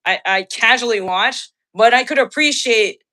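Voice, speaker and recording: Woman, podcast host, higher voice, bright tone, excitable, laughs a lot, restarts sentences. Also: normal speed. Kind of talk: casual chat.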